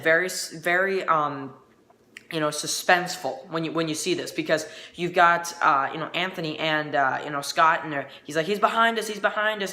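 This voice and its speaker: A man giving a casual spoken review of a TV episode, rambling and halting with many restarts. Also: fairly high pitch, sharp tone, reverberant.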